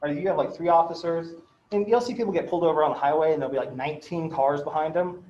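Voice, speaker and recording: Male law lecturer, loose and chatty, fairly high voice, echoey dull classroom sound. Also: quick pace, a little mellow, slight background noise. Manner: chatty, filler-heavy, swears, checks in with "right?". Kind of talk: casual classroom lecture with anecdotes.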